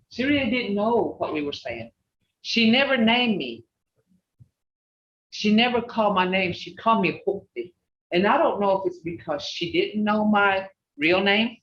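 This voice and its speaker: Older lady teaching slow on a zoom call, dull roomy sound, kinda far off mic. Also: on the low side, slight background noise. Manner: slow, drilling syllables and laughing often. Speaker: language teacher. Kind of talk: online language class. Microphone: video call.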